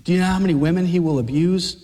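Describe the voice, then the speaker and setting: A man voicing a taunting male devil who whispers low and hissing, then sneers out cruel threats, in a reverberant hall. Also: racing, mellow, natural voice. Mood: sneering menace.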